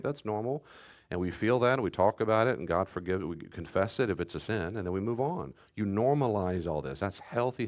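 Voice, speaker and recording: Low-voiced pastor teaching in plain talk. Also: male voice. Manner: conversational, repeats key points, restarts sentences.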